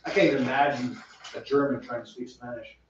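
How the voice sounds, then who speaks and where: A man's voice: mid-range voice, steady tone, quick pace, a little hiss or hum. A man co-hosting a casual homebrewing podcast, easygoing and laughing along with jokes. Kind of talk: casual banter. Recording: echoey room, distant mic, dull lo-fi sound.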